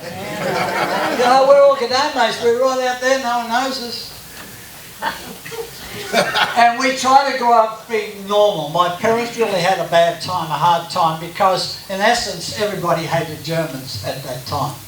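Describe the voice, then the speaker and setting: Here a high-pitched Australian man talks a little slowly, his tone fairly bright, as the guest speaker at a church gathering sharing a jokey, conversational personal story. Faint hiss and room echo come from the distant recording.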